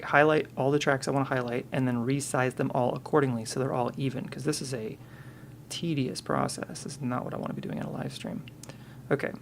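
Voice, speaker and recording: A man's voice: mid-range voice, vocal fry, a bit bright, a little hiss or hum. A man on a live stream, thinking aloud and muttering to himself, counting and correcting himself as he works.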